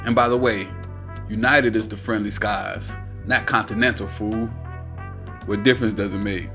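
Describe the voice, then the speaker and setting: Brief: a man voicing a brash, teasing womanizer, lowish voice, audiobook. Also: steady tone, normal speed, a bit bright, soft background music. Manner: cocky, teasing. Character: smooth-talking womanizing male friend, adult, brash.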